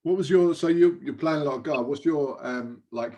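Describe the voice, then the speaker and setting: A man co-hosting a podcast over a video call, asking halting questions and laughing often. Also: a little high, mellow. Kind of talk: casual interview chat.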